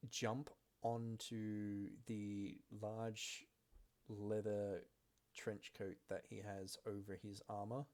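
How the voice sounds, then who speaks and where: A man with a fairly low voice runs a tabletop game as game master. He narrates the scene in steady descriptive sentences, pausing on fillers as he checks the rules.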